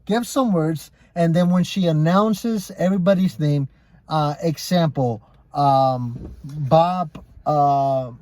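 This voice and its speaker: A man's voice: fairly high pitch, slow, darkish tone, no room sound. A young man hosting a casual podcast, talking loosely and profanely and often repeating himself. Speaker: podcast host.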